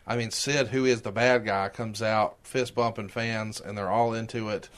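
A man's voice: fairly low pitch, fairly even intonation, moderate pace. Eager man asking the questions. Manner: enthusiastic fan asking questions. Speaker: podcast co-host. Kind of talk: casual interview chat.

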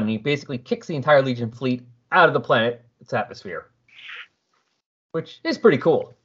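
A man's voice: mid-range voice, fairly quick, breathy edge, dull audio. A man casually recapping a story for a podcast, acting out the characters' dialogue as he goes. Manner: animated, jokey, acts out the dialogue.

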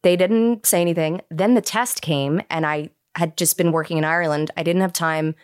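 A woman's voice: fairly low pitch, fairly even intonation, moderate pace, clean tone. A woman guest on a podcast, candidly telling stories about her acting career in casual chat. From United States. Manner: candid, chatty storyteller. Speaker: actress guest.

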